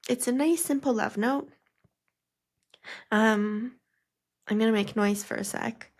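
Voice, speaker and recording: A young woman hosts a podcast, her voice a little high and slow as she rambles through personal memories with lots of fillers. At times she cries, laughing through the tears.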